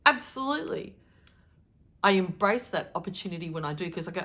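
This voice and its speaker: A middle-aged woman with a slightly low voice gives a channeled daily message, reading cards for her viewers. She talks in an emphatic, animated way and switches her tone on purpose to stir them up. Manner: emphatic, animated, deliberately shifting tone. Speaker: spiritual card reader.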